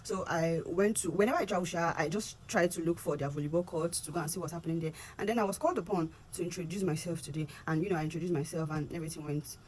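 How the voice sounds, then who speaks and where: A woman's voice: fast, hardly any pauses, a little hiss or hum. A young Nigerian woman with a Nigerian accent, venting to her phone camera in an earnest, aggrieved vlog and mixing in Pidgin. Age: young adult. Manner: earnest and aggrieved, repeats words and rises in pitch when heated, mixes in Pidgin. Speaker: vlogger. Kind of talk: impassioned direct-to-camera rant.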